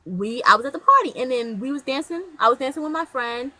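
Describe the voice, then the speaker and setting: A woman's voice: high-pitched, expressive, quick pace, bright, forceful tone, dry recording, poor audio. A young woman vlogging to her camera in casual chat, blunt and slangy, rambling with restarts.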